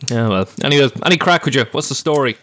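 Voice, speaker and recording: A man's voice: mid-range voice, expressive, quick pace, fairly bright tone, no echo. An Irish man co-hosting a casual podcast, teasing his co-host and asking questions.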